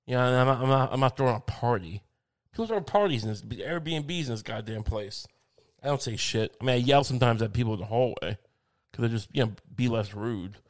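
Man in a profane rambling rant. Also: medium pitch. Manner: profane, ranting, digressive. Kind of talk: rambling comic monologue.

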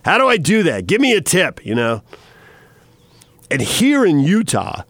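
A middle-aged man hosting a radio talk show, telling chatty stories in a casual, animated way. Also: mid-range voice, no room sound. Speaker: radio host.

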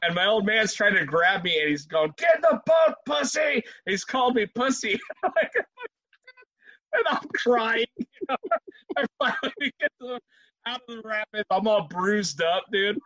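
A man in casual conversation, telling a story in a profane, animated way with frequent laughs. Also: sits high, moderate pace, no echo. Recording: dry, dull lo-fi sound.

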